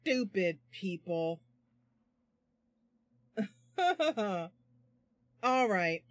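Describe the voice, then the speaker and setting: A woman streaming a fantasy game from home, chatting as she plays. She is excitable and giggly, and her pitch leaps widely. Her pace is unhurried. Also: no room sound. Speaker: streamer and host. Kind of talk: livestream gameplay commentary.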